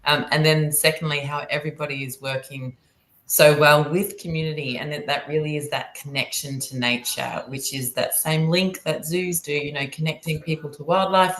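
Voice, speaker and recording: Low-voiced woman on an echoey call. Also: fairly bright tone. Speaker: closing speaker. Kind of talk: casual thanks and wrap-up.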